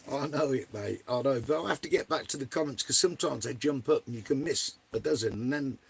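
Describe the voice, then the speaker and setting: A man's voice: mid-range voice, brisk, vocal fry, husky. A man hosting a live stream in casual chat, greeting viewers by name and swearing freely.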